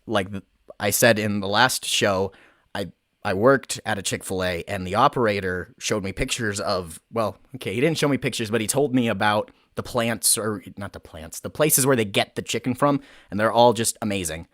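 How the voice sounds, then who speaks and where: A young man fronting an advice show streams casually from a makeshift home studio, full of jokey rambling and self-corrections. His voice is fairly low and a bit bright at a moderate pace, recorded with no room sound.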